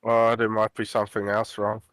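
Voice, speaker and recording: A man's voice: fairly low pitch, normal speed, dry recording, rough recording. A man playing alongside a streamer, chatting casually and relaying what others are saying. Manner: relaxed, relays chat messages. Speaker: fellow player on stream. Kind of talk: casual gaming chat.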